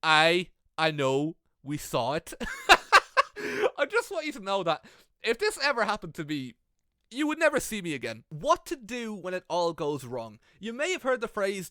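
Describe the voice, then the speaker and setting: A young Irish man giving comedic, sweary advice about wrestling commentary in an animated vlog, speaking into a gaming headset. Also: high-pitched, no echo, studio quality. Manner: animated, sweary, self-mocking.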